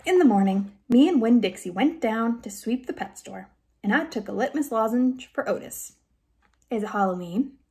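A woman reading a children's chapter book aloud in gentle, steady first-person narration. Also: fairly high pitch, moderate pace. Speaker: reader.

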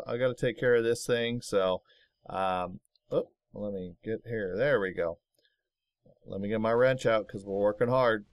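Low-voiced man muttering through a game. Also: measured pace, no room sound. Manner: mutters to himself while building, easily aggravated. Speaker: let's play host. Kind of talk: casual gameplay commentary. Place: home office.

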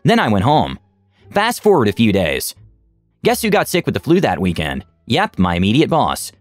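A man reads online stories aloud in a scripted, expressive way. His pitch moves a lot and keeps the telling lively. The recording is dry, with faint music underneath. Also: moderate pace, no room sound. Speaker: story narrator.

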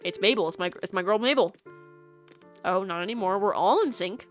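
A woman's voice: medium pitch, fairly quick. Chatty, giggly young woman streamer. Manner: chatty and giggly, lots of "like" fillers. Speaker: game streamer. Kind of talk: casual stream chat while gaming. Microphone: USB microphone. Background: soft lofi music.

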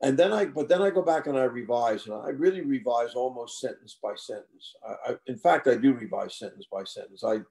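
A man's voice: medium pitch, brisk, hardly any pauses, darkish tone. An older man answering interview questions about his book in a thoughtful, conversational way, often restarting and repeating words as he thinks. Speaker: author guest.

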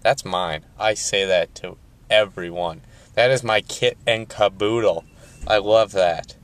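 A man's voice: on the low side, unhurried. A young man ranting casually to camera, rambling and cursing as he jumps around in his story. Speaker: vlogger.

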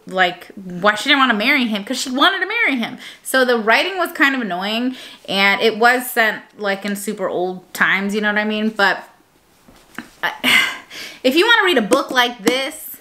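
Bright-voiced chatty woman vlogger. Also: a little high, big pitch swings, moderate pace. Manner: chatty, rambling, lots of fillers and self-corrections. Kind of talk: casual chat.

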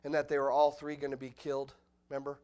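A middle-aged man preaching an expository sermon in a church, animated, with the voice leaping up when acting out quotes. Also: medium pitch, fast, clean tone. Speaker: pastor. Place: church sanctuary.

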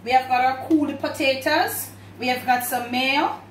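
A woman's voice: high voice, normal speed, slight background noise. A woman with a Jamaican accent, a home cook demonstrating a recipe and talking chattily to her viewers as family. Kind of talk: cooking demonstration. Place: home kitchen. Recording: echoey kitchen, distant mic. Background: clatter of dishes and pans.

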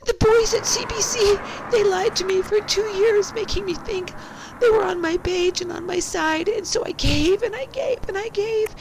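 Simpering high-pitched woman, sing-song mockery, gravelly edges. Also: normal speed, noisy background. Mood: whiny. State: hoarse from a cold. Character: simpering high-voiced mocking woman accuser.

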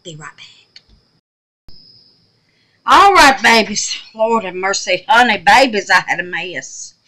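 A woman chatting to her viewers while making resin crafts, often trailing off into quiet muttered asides. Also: mid-range voice, expressive, takes it slowly. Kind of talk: casual crafting vlog.

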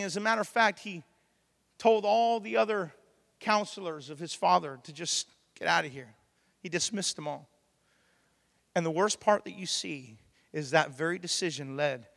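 A man, preaching a lively sermon and acting out the voices he quotes. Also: high voice, creaky. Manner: animated, plays out quoted voices, laughs often. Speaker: pastor. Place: church hall. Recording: long hall reverb.

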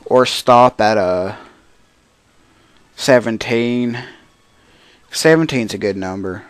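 A man's voice: medium pitch, takes it slowly, long pauses, no room sound. A man giving casual gameplay commentary as a let's play host, grumbling to himself in frustration.

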